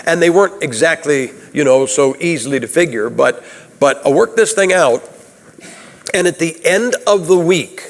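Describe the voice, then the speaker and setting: A Baptist preacher man delivers a homespun sermon, peppering it with questions to the congregation. His voice sits a little high for a man. The sound rings with the long reverb of a church sanctuary. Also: expressive, normal speed. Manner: folksy, conversational, asks the audience questions.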